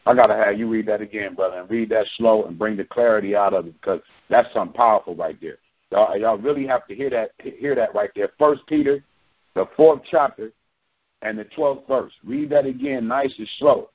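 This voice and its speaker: Leading a bible study over a phone conference call, a man with a lowish voice preaches briskly, repeating phrases for emphasis. The audio has the dull, lo-fi quality of a phone line.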